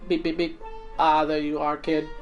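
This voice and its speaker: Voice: mid-range voice, monotone, moderate pace, over music, pitched above the performer's own voice, close to an everyday voice. A streamer reading a game aloud and voicing an upbeat robot chef who says beep and boop between lines. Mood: cheerful. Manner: sprinkles beeps and boops into speech. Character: upbeat robot chef, cheerful, proud of his cooking.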